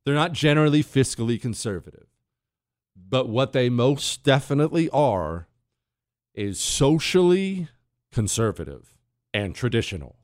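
A man's voice: mid-range voice, expressive, unhurried, pauses often, no room sound, studio quality. A middle-aged American man hosting a talk radio show, delivering an opinionated, sarcastic monologue full of restarts and asides. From United States. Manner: combative, sarcastic, rambling with restarts. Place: radio studio.

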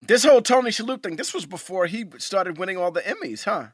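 A man co-hosting a podcast in casual chat, excitable and slangy, bursting into loud exclamations. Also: high voice, fast talker, breathy edge. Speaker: podcast co-host.

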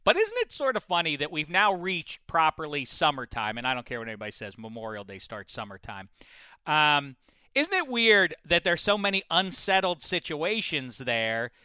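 Lively man hosting sports chat, crisp and bright, laughs easily. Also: a little high, dry recording. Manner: lively, joking, quick to laugh. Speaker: podcast host.

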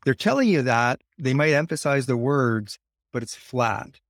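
Male podcast guest, reflective and measured, mid-pitched voice, dry close recording. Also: animated, dry recording. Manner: reflective, explains ideas slowly with pauses. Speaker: podcast guest on money mindset. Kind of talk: casual podcast conversation.

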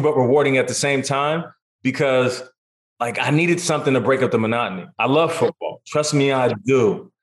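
A man in his thirties, a guest in a casual interview, telling stories in a lively way and acting out what others said. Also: medium pitch. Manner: animated, acts out quotes in voices. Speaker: podcast guest, sports broadcaster. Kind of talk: casual storytelling chat.

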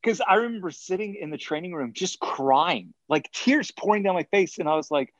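A man as a guest in a casual interview, telling animated stories and acting out quotes between chuckles. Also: high-pitched, moderate pace, hardly any pauses, no echo, dull audio. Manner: animated anecdotes, acts out quotes, chuckles often. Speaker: guest athlete.

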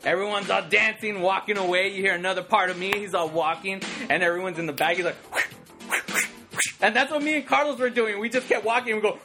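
There's music in the background as a man in his thirties chats casually in a high voice at a brisk pace. He rambles excitedly, loading his talk with "like" and acting out sound effects.

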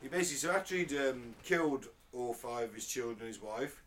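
A man's voice: mid-range voice, animated, fast, a bit bright, a little hiss or hum. A British man co-hosting a casual podcast, telling stories bluntly and swearing freely, recorded in a living room. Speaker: podcast co-host. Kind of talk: casual chat.

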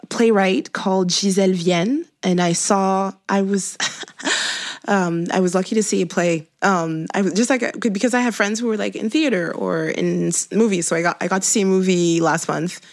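A woman's voice: medium pitch, moderate pace. A woman whose English carries a shifting French accent, between Quebecois, Franco-Ontarian and Parisian, chatting casually, restarting often and laughing. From Canada. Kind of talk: casual chat.

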